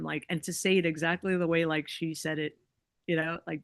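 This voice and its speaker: A woman's voice: fairly low pitch, level tone, a little fast, dry recording. Woman, podcast guest, casual storytelling, chatty, dry close sound. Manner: chatty, many likes and you-knows, acts out quoted voices.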